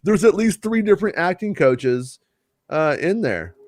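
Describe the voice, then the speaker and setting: Man, casual podcast co-host, rambles and jokes, slightly higher voice, dry close sound. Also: expressive, measured pace, dry recording. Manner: rambling, self-interrupting, jokey.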